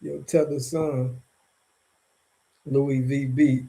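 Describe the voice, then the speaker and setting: A man's voice: mid-range voice, flat delivery, extremely slow, creaky, mellow. A man from Florida giving casual, rambling commentary in a vlog, heavy on slang and chuckling between points. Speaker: vlogger.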